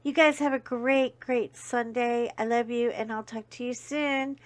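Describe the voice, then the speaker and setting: Chatty higher-voiced woman vlogger. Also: fairly even intonation, a little slow. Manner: chatty, warm-hearted storyteller with bursts of laughter. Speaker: coloring vlog host. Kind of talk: casual chat to viewers.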